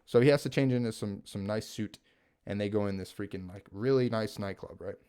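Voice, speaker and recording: A man talking at home, recapping and reviewing a TV series in an animated, rambling way, full of "like" and "right?". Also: lowish voice, fairly quick, clean tone. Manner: animated, rambling, filler-heavy with frequent "like" and "right?". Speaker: gaming video creator reviewing a TV series. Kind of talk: casual spoken recap and review.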